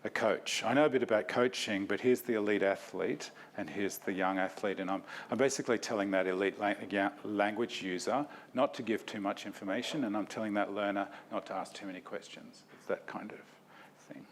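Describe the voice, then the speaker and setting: A man's voice: fairly low pitch, fairly quick, a little hiss or hum. A man giving an academic talk, reflective and self-deprecating, in a lecture hall.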